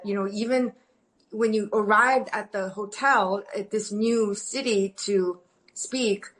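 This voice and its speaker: A woman's voice: mid-range voice, fairly bright tone. Earnest, rambling woman asking a question. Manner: earnest, rambling, many restarts and "you know"s. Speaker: meeting member asking a question. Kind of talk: sharing at a recovery meeting.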